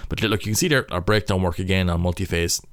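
A man's voice: sits low, steady tone, fast, no echo, studio quality. A young Irish man, a rugby player, casually breaking down match footage, thinking aloud in stop-start phrases.

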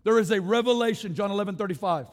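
A man with a high voice preaches with rising passion, stacking phrase on phrase and calling out for the congregation to answer back. His voice rings through a church sanctuary with a long, lingering reverb. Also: fast. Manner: impassioned, repetitive rhetorical build-ups, directs congregation to respond. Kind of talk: sermon.

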